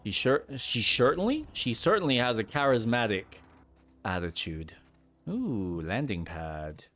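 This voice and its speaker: A man's voice: mid-range voice, big pitch swings, unhurried, a bit bright, soft background music. A man giving casual, rambling commentary while playing a game. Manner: chatty, rambling, reacts aloud to the game. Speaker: gameplay streamer. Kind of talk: casual commentary over gameplay.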